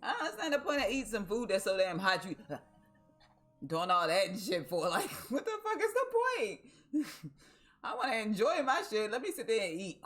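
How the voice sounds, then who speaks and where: A woman's voice: medium pitch, wildly swooping pitch, normal speed, a bit bright, faint music behind. A woman with a Baltimore accent who streams, chatting casually with a joking, profane, storytelling manner. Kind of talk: casual chat.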